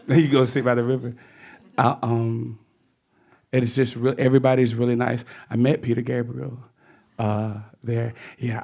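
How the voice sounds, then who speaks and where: Laid-back Southern man, low voice. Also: measured pace, gravelly, pauses often. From Georgia, United States. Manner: relaxed, laughing storyteller. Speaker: singer-songwriter guest. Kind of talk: casual chat between songs. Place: radio studio with a live audience. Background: live band music.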